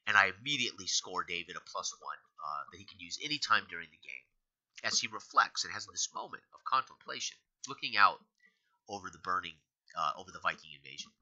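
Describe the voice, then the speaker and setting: A man's voice: low voice, expressive, a little fast, pushed and bright. A man acting as game master, recapping a tabletop game session in rambling storytelling with many fillers. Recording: dull lo-fi recording.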